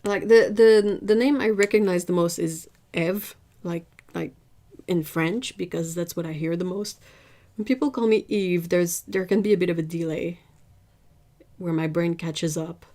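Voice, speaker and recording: A woman hosting an art livestream, chatting casually with viewers, emphatic and lively. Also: lowish voice, normal speed. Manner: chatty, answers viewers' chat.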